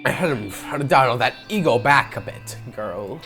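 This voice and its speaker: A man's voice: mid-range voice, lively intonation, measured pace, bright, forceful tone, voice pushed down. A man voicing an arrogant young heir in a video game, cold and condescending, with music behind.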